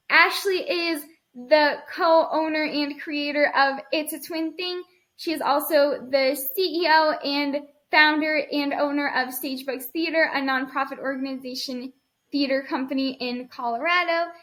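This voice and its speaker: High bright chatty woman podcaster. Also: fairly even intonation, a little slow. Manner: chatty, teasing. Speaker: podcast host. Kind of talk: casual podcast chat.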